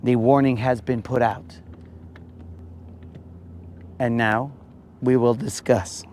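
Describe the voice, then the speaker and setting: A man hosting a live fishing stream, chatting casually and teasing his viewers in a joking, drawn-out way. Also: medium pitch, steady tone, darkish tone, a little hiss or hum. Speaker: fishing livestream host.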